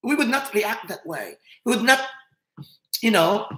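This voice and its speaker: Filipino accent, fifties, chatty livestream host, lively up-and-down pitch, echoey room. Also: unhurried. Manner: chatty, laughs often, switches between English and Tagalog. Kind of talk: casual live chat. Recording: roomy echo.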